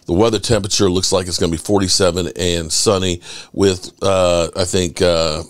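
A middle-aged man hosting his sports channel, chatting casually and rambling through stories with lively swearing. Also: low voice, normal speed, no room sound, clean studio sound. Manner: animated storyteller, swears freely. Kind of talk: casual rambling fan chat.

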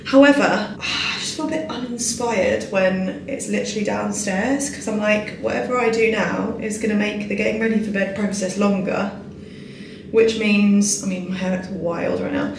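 A woman's voice: medium pitch, background noise. Woman, 20s, lifestyle vlogger. Bubbly, chatty, swears casually. Roomy hotel room, mic slightly distant. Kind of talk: casual chatty vlog talk to camera.

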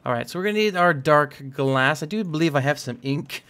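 A man's voice: on the high side, expressive, fairly quick, fairly bright tone, clean tone. A young man casually talking through a building game, rambling and poking fun at himself. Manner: rambling, self-mocking and jokey. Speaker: gaming channel host. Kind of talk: casual let's-play commentary.

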